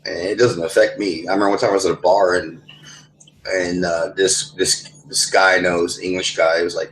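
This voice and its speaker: A man's voice: deep voice, level tone, moderate pace, a bit bright, a little hiss or hum, rough recording. A young man in a casual online voice chat, telling rambling, profane stories on a headset mic. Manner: rambling, profane, many restarts. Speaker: gamer in voice chat.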